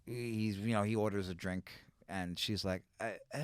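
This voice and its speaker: A man from New City, a comedian telling animated, profane stories as a podcast guest. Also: fairly low pitch, moderate pace, clean tone, no echo, studio quality. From New York City. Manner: animated, profane, full of "like" and "right?". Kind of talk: casual storytelling on a podcast.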